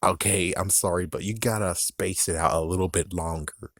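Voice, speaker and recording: A man with a low, deep voice reviews a TV episode in loose casual talk. He rambles through "it's like" asides and chuckles often. The recording is dry and close, with no room sound. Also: steady tone, normal speed, creaky, a bit bright, no room sound.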